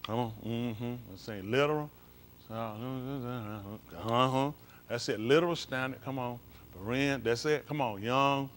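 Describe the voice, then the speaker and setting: Male pastor, casual Bible-study teacher, coaxing and emphatic, mid-pitched voice, faint noise floor. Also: slow pace, a bit bright. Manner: coaxing, repeats "come on" while directing someone scrolling. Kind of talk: informal Bible study, comparing translations.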